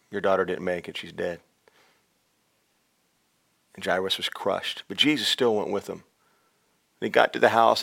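A man preaching a sermon on a podcast, swinging between loud urgent exhortation and hushed, intimate storytelling. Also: lowish voice, vocal fry. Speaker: pastor. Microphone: podcast microphone.

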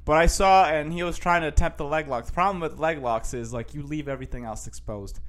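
A man's voice: fairly high pitch, fast, a bit bright. A man hosting a casual show, rambling through news headlines with lots of fillers and restarts.

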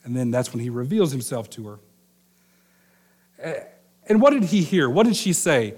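A man's voice: mid-range voice, very animated, normal speed, darkish tone, slightly rough. A middle-aged male pastor preaching a sermon in a conversational storytelling manner, voicing the people in the story. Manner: conversational storytelling, acts out quoted lines.

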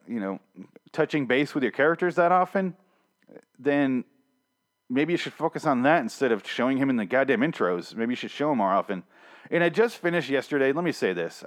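A man's voice: medium pitch, lively intonation, fairly quick. Young guy ranting about an episode, swears a lot, sarcastic and fed up. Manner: sarcastic, profane, exasperated ranting. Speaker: TV episode reviewer. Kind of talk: casual ranting review.

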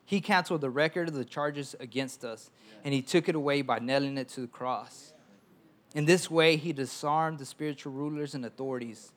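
A man's voice: mid-range voice, moderate pace, fairly bright tone. A young adult man preaching a conversational sermon as pastor, often stammering and repeating words as he talks.

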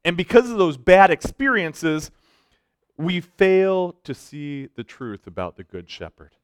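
A man preaching a sermon to students, swinging between loud emphatic lines and soft hushed ones, with joking asides. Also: fairly high pitch, big pitch swings, a little slow, clear, resonant tone, no room sound, clean studio sound. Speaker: pastor speaking to students.

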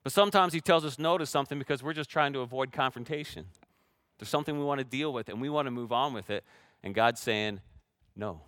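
A male pastor preaching a sermon, dropping to a hush in quiet passages and rising to loud emphasis, often asking his listeners direct questions. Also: medium pitch, quick pace, dry recording, studio quality. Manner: shifts between hushed reflective passages and loud emphatic preaching; asks the congregation direct questions.

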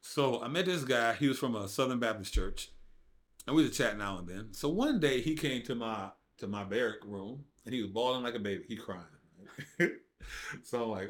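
An American podcast guest relates his faith journey in relaxed storytelling at a moderate pace. Lively and animated, he voices quotes with sharp pitch jumps, and his informal phrasing tends to leave out verbs.

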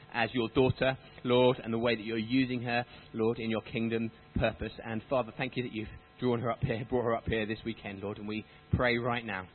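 A man leading a church prayer in an earnest way, repeating "Lord" often. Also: medium pitch. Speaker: church leader introducing the speaker. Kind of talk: spoken prayer. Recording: tinny phone-like sound with faint hum.

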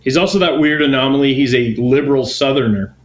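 An easygoing man chats casually on a podcast, agreeable and quick to back up his co-host. His voice sits at a middle pitch, and the sound is roomy and dull. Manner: easygoing, agreeable, many short backchannels. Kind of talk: casual chat.

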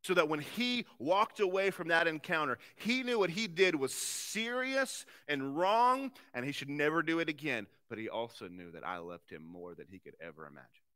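A male pastor in his thirties delivers a sermon in a bright, forward voice that sits a little high for a man. He preaches with earnest conviction, pressing hard on some lines and dropping to near-hushed softness on others. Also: very animated, moderate pace. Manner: earnest, swinging from forceful to very soft.

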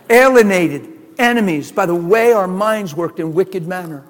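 A man preaching a sermon, animated, with shouted exclamations and laughing asides. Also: sits high, moderate pace, long reverb tail.

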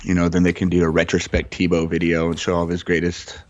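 A man's voice: deep voice, completely flat delivery, fast talker, lo-fi sound. A man co-hosting a podcast, rambling casually and often saying "you know what I mean.". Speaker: podcast co-host. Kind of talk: casual chat.

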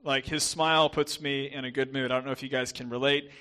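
A young adult man with a softened Southern American accent, preaching as a guest pastor in a chatty, self-deprecating way with many fillers and restarts. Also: medium pitch, little pitch movement, a little fast. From southern United States. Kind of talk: sermon.

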